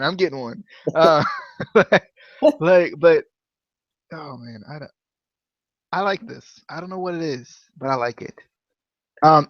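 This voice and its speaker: A man's voice: a little high, dry recording, dull audio. A man hosting a casual wrestling review podcast, rambling with lots of fillers, restarts and laughter. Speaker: podcast host.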